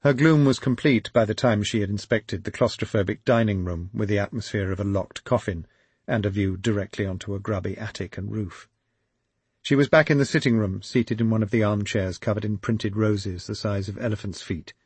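A man reading a political novel aloud in measured, dry storytelling. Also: fairly low pitch, husky, no echo. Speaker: audiobook narrator. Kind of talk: scripted narration of a novel.

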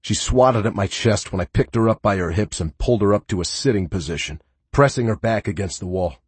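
A man's voice: fairly low pitch, expressive, fairly quick, slightly rough, no echo. A man giving first-person audiobook narration in a sarcastic, playful and brash manner.

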